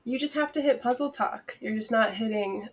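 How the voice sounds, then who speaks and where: A young adult woman co-hosting a podcast, teasing her co-host and quick to laugh. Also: fairly high pitch, husky. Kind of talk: casual chat.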